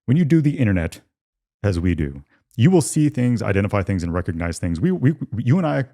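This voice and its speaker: A man's voice: lowish voice, very animated, brisk, dark tone. A man co-hosting a casual podcast, making his points emphatically with rhetorical questions and repeated words. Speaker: podcast co-host.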